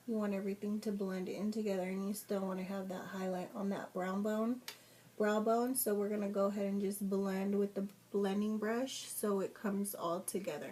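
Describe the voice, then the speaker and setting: A woman's voice: fairly high pitch, a little mellow. A young woman walking viewers through a makeup tutorial, chatty and casual, giving step-by-step directions with fillers. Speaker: makeup vlogger.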